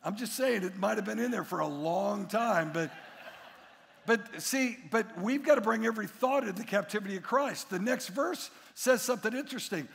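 High-voiced, gravelly pastor in a big hall. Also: male voice, moderate pace. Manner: animated storyteller who acts out voices in his anecdotes. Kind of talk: sermon. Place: large church hall.

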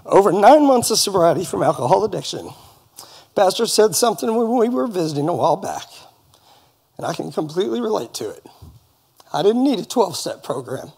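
A middle-aged man stands before his congregation to give an earnest personal testimony. He talks in a folksy way, slips in gentle jokes, and his voice sits a little high for a man. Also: very animated, brisk, gravelly, husky. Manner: earnest, folksy, with light humor. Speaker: congregation member giving testimony. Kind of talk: personal testimony at church service. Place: church service in front of a congregation.

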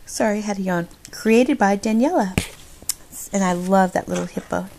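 A woman's voice: medium pitch, moderate pace, vocal fry, background noise. A middle-aged woman chatting casually in a craft vlog, bubbly and gushing, laughing often. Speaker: craft vlogger. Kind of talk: casual chat.

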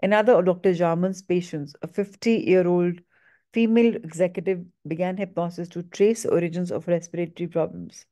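A woman reading a book aloud in a measured, steady way, with small stumbles. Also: lowish voice.

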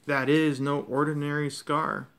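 A man reading aloud, voicing a calm, wise old male headmaster in a soft, slow, measured way. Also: on the high side, smooth. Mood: grave.

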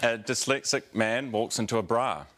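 A man with a New Zealand accent, a morning TV host telling deadpan one-liners and wrapping up the show in a studio. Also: mid-range voice, moderate pace, over loud music.

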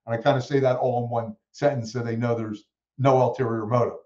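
Man, guest speaker, animated storytelling, echoey room, muffled audio. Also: mid-range voice, brisk. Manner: animated storyteller who acts out quoted voices. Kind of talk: storytelling in a podcast interview.

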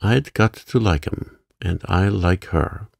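A gruff old gardener grumbles in short, slow phrases, as a man reads him. His voice sits very deep and gravelly, and it sounds dry and close. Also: no room sound, full character voice. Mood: grudging. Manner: grumbling, curt, dialect speech.

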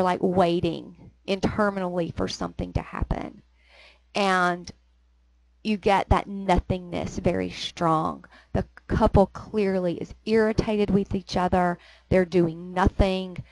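A woman's voice: medium pitch, no room sound, rough recording. A woman teaching a literature lesson, explaining lines of a poem with frequent "um"s. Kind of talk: recorded lecture.

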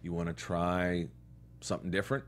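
Very deep male guest, easygoing anecdotal interview delivery, light background hum. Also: fairly quick. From New York and Connecticut. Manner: relaxed storyteller, quoting others in his own voice. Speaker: actor guest. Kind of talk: casual interview chat.

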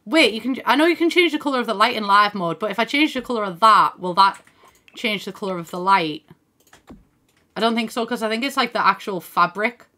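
A woman's voice: mid-range voice, fairly quick, sharp tone. A woman streamer chatting casually as she plays, thinking aloud, reading out chat and swearing now and then, on a desk microphone at her home computer. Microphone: desk microphone in front of screen.

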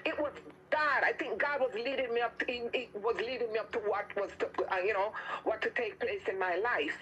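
A woman's voice: fairly high pitch, a little fast, a bit bright, muffled recording, a little hiss or hum. Fervent Jamaican woman giving testimony. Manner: fervent, repetitive, rising into commanding prayer. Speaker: guest sharing testimony. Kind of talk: testimony and healing prayer.

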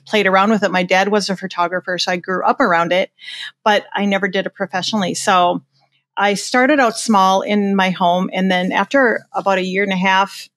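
A middle-aged woman with a Minnesota accent, a photographer chatting as an interview guest and telling stories with easy laughs. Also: mid-range voice. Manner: chatty storyteller, quick laughs, fillers. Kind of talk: casual interview chat.

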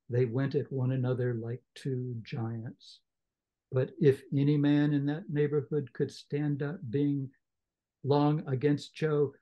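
Man reading a novel aloud. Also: medium pitch. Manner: enthusiastic, expressive reader. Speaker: book club member. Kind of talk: book discussion and reading aloud.

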